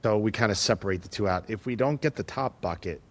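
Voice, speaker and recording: A man, a tech entrepreneur, speaking as a podcast guest, telling stories with lively acted-out quotes and frequent restarts. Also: lowish voice, quick pace. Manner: animated, acts out quoted dialogue, frequent restarts. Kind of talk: conversational storytelling.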